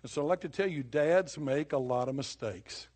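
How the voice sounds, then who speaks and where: A man's voice: on the high side, normal speed, darkish tone. An older man preaching a sermon in a folksy, conversational way, telling stories with sudden bursts of emphasis.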